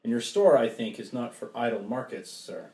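A man reading a wary sea captain in an amateur play reading, measured and earnest. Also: mid-range voice, expressive, mellow, roomy sound, close to an everyday voice. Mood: grave.

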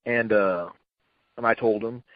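This middle-aged retired wrestler speaks on the low side, with fairly even intonation and a slightly slow pace, over phone-quality audio without room sound. Invited as a guest, he rambles through an old story, restarting often, using lots of fillers and voicing what others said.

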